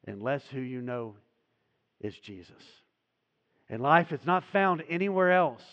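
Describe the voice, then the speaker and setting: A man preaching from the pulpit, his voice rising to loud, emphatic peaks and falling away to quiet, low endings. The sound carries a long reverb tail, as if heard in a large sanctuary. The audio is a little dull and muffled. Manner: preaching with dramatic swells and drops in volume. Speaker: pastor. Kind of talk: sermon. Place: church sanctuary.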